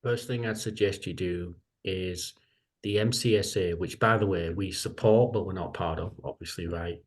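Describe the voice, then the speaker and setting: A man's voice: low-pitched, moderate pace. A middle-aged man, a lecturer, talking casually in an online meeting, rambling and repeating himself as he gives advice.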